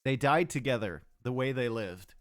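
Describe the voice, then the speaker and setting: A man's voice: mid-range voice, animated, normal speed, no echo. A man with a Canadian accent giving upbeat, chatty live commentary on a strategy game match and answering his chat. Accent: Canadian English. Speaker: game caster.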